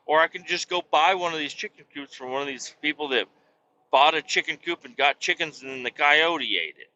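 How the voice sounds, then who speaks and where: Heard through a muffled recording with a bit of hiss or hum, a man talks fairly quickly in a slightly high, pushed, bright voice. He's a podcast host with young kids, rambling casually, cursing freely, restarting sentences, and hiccuping as he goes.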